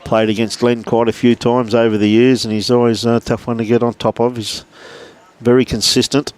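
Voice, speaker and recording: A man's voice: mid-range voice, little pitch movement, moderate pace, darkish tone, smooth. A man with an Australian accent giving casual live commentary on a lawn bowls livestream, chatting and greeting viewers by name between shots.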